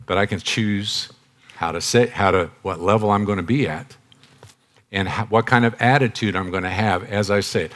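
A man in his sixties giving a sermon, confessional and direct, moving from loud emphatic bursts to soft hushed phrases and repeating key lines. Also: fairly low pitch, moderate pace. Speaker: preacher.

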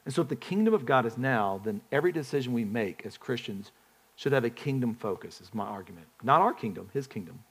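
A man's voice: mid-range voice, lively intonation, fast, fairly bright tone, breathy edge. A man preaching a sermon in a conversational way, often putting questions to the congregation and restarting his phrases. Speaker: pastor.

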